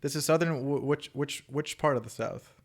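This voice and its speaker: A man's voice: fairly high pitch, moderate pace. A man hosting a casual podcast, asking curious, teasing questions. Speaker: podcast host.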